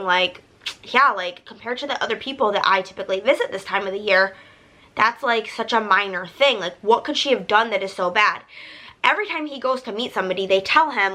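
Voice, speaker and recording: Chatty bright-voiced young woman. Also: mid-range voice, rough recording. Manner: chatty, fillers of "like", retells scenes in quotes. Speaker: book vlogger. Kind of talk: casual chat about books.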